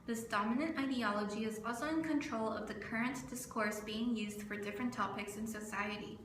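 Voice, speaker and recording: A young woman from California, a student narrating her video essay from a script, earnest and steady. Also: fairly high pitch, fairly quick. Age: young adult. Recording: roomy with faint background noise.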